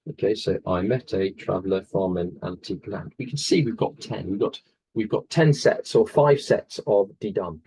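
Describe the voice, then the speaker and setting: A man's voice: medium pitch, warm tone, slightly rough, poor audio. A man teaching an online poetry revision lesson over a video call, enthusiastic and explaining step by step with many fillers. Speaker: English teacher.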